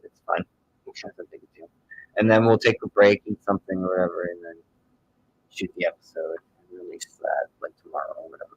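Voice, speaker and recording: Man, low voice, laid-back co-host, chats to viewers, casual livestream. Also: fairly even intonation, quick pace, husky, dull audio. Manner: easygoing, explains plans, addresses viewers directly. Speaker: podcast co-host.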